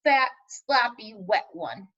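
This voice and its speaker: A woman's voice: fairly high pitch, expressive, slow pace, pushed and bright, slightly rough, distant mic, muffled recording, full character voice. A woman voicing a bossy, teasing schoolgirl who scolds in a storybook read-aloud.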